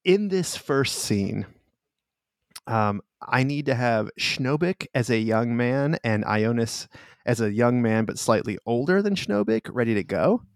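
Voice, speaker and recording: A man narrating as game master of a tabletop game, halting with many fillers. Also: medium pitch, expressive, no echo, clean studio sound. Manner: halting, filler-heavy, laughs often.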